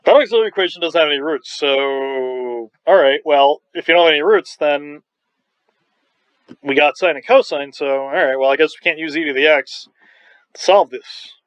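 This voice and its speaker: A math professor from Long Island, New York, gives a recorded online lecture with an enthusiastic, joking manner, wandering into rambling asides. His voice is on the high side, clean in tone with a slightly scratchy throat, at normal speed, in a dull, dry lo-fi recording with no room sound.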